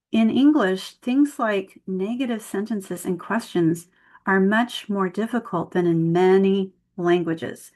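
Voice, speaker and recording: A woman leading an online workshop for tutors, explaining grammar with spoken example sentences over a video call mic. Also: mid-range voice. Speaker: tutor trainer.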